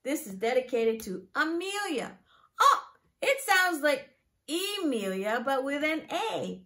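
A woman teacher reading a picture book aloud to preschoolers, asking them questions in an exaggerated, animated way. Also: high-pitched, slow pace.

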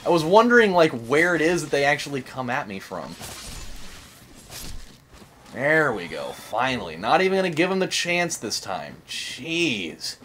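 A man's voice: fairly high pitch, big pitch swings, measured pace, a bit bright, a little hiss or hum. A young man hosting a let's-play, rambling and joking in casual commentary, swearing and saying "like" a lot. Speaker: gaming channel host.

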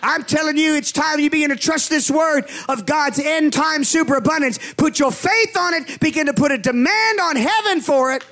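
A man preaching a charismatic sermon as pastor, fervent, with shouted declarations and drawn-out emphasis. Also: very high voice. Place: church sanctuary.

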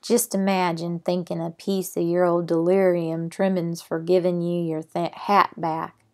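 A woman voicing a soft-hearted, weepy cowboy man with a folksy Western American drawl. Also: on the low side, little pitch movement, unhurried. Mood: bewildered. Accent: Western American drawl, put on.

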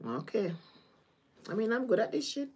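A woman's voice: on the high side, sing-song, normal speed, a little mellow, breathy edge. A woman with a Caribbean accent giving a casual tarot reading on a livestream, chatty and often laughing. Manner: chatty, laughing, drifting between topics. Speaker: tarot reader.

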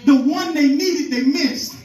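A man's voice: very high voice, unhurried, darkish tone. A man preaching to his congregation, retelling scripture in plain, informal talk and calling on his listeners to follow along. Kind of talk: teaching sermon. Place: meeting room with a congregation. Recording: echoey room, voice from far off.

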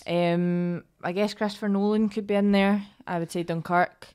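A woman's voice: mid-range voice, steady tone, normal speed, darkish tone, clear, resonant tone. A woman, chatting on a podcast, rambling and full of fillers. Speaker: podcast co-host. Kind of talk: casual chat.

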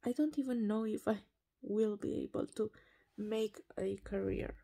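A woman in her thirties, a radio presenter, talking frankly and loudly in a personal vlog; English is not her first language. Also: medium pitch, fairly even intonation, a little slow, gravelly, dry recording. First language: Romanian. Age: 30s. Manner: loud, emphatic and frank.

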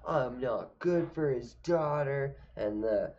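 A man's voice: mid-range voice, slow pace, darkish tone. A young man telling a funny personal story casually, rambling and cursing. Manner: rambling, profane, lots of fillers and restarts. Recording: dull lo-fi recording.

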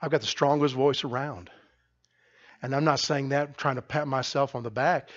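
A middle-aged man, the pastor, preaching a sermon loudly and emphatically, often restarting his sentences. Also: medium pitch, fairly even intonation, moderate pace, lo-fi sound. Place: church sanctuary.

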